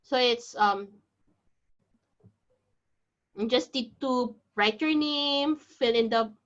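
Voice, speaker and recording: This IELTS teacher speaks slowly in a fairly high, slightly bright voice. She's running an online exam-prep class, going step by step in a chatty and reassuring manner, heard through dull video-call audio.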